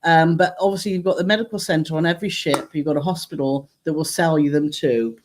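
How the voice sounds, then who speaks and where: A woman's voice: low-pitched, brisk, background noise. A middle-aged woman from near the Welsh border, co-hosting a casual travel live stream in a rambling, chatty way. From England near the Welsh border. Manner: chatty, rambling, tag questions to her partner.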